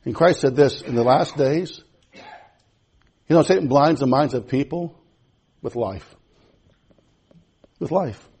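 A man preaching a sermon in a church, impassioned and repetitive, swinging from loud to hushed. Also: mid-range voice, lively intonation, slow, pauses often, husky. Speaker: pastor.

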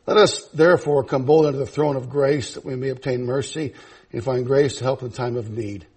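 Man, pastor, church sermon, husky voice, swings from quiet to loud high emphasis. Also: steady tone, a little fast.

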